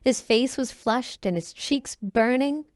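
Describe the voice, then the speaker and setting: A woman narrating a classic novel audiobook in a measured storytelling manner. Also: a little high, dry recording, studio quality. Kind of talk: scripted narration.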